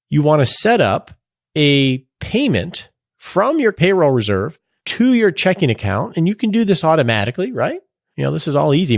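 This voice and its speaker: A man's voice: medium pitch, no echo, clean studio sound. A man in his fifties hosting a podcast, explaining in a casual, jokey, conversational way. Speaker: podcast host and financial planner.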